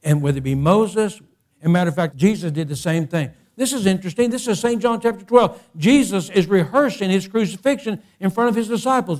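In a brisk sermon, a high-voiced male pastor repeats himself and starts phrases over, climbing again and again to loud, passionate heights.

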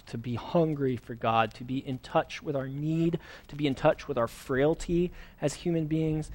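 A man preaching a sermon as pastor, earnest and conversational, with fillers and restarts. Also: medium pitch.

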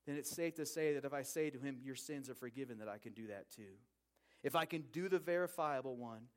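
Man preaching in a conversational way. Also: fairly high pitch. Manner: conversational preaching, asks the listeners questions, some repeated words. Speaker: pastor. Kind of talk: sermon.

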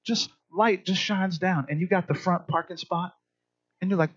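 A male pastor with a notably high voice delivers a sermon in a loose, conversational way. He keeps turning to the congregation with "right?" and restarts his sentences often. The recording sounds dull and lo-fi. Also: moderate pace.

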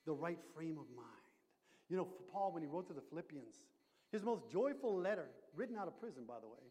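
A man preaching a sermon, emphatic, swinging between loud declarations and hushed asides. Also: on the high side, sing-song, a little fast, in a large hall. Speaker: pastor.

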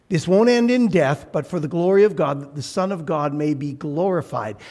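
A man preaching a sermon as pastor, animated, acting out voices and shouting for emphasis. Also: high-pitched.

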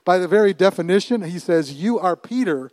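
Animated middle-aged male preacher. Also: sits high, fairly quick, dry recording. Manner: animated, laughing often, swinging from hushed to loud, repeating words. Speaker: pastor. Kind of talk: sermon.

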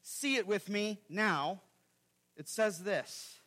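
A man preaching a sermon as pastor, earnest and explanatory, swinging between loud emphasis and quiet asides. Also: sits high, takes it slowly.

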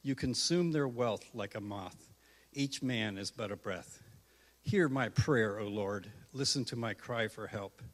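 A man reading a psalm aloud in a measured, solemn way. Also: lowish voice, in a large hall. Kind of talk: scripture reading.

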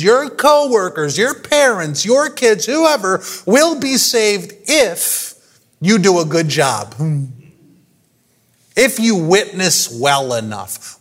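A man preaching a sermon in a high, lively voice that swoops up and down. He speaks at an unhurried pace, throws rhetorical questions at the congregation and breaks into laughter often. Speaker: pastor.

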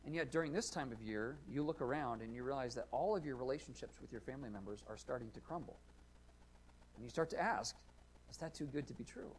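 A man preaching a sermon, earnest and questioning, rising and falling in loudness to stress his points. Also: mid-range voice, fast, slight background noise. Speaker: pastor.

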